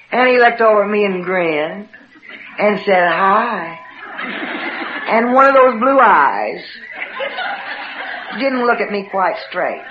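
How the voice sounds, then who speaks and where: Woman spinning a dramatic family story, big echoey room, kinda dull muffled sound. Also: medium pitch. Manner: dramatic, acts out the voices of family members. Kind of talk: personal story told to a live audience. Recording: roomy, dull recording with background noise.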